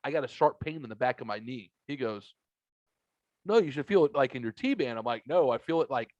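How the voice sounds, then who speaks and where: A man at a mid-range pitch tells a long, profane story on a podcast, putting on the voices of everyone in it. The sound is dry and a little dull and lo-fi, as if recorded in a basement room at home. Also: lively intonation, fairly quick, darkish tone, no echo. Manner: profane storytelling, acts out both sides of conversations. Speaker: podcast host. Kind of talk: casual chat.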